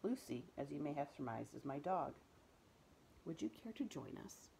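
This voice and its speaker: A woman voicing a huge, gentle bearded man who speaks in a formal, genteel way. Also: low-pitched, very animated, moderate pace, creaky, slight background noise, exaggerated voice, low-quality recording. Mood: kindly.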